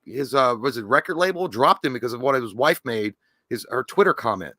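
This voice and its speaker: A man's voice: mid-range voice, animated, fairly quick, sharp tone, no room sound. A man with a Southern US accent co-hosting a live movie show, talking in crude, rowdy, profane banter.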